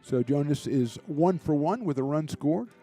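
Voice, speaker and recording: A man doing relaxed, chatty play-by-play commentary for a college baseball game, with small asides and jokes between pitches. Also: normal speed, faint music behind. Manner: relaxed, chatty, lightly joking between pitches, rising excitement on big plays. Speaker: play-by-play announcer.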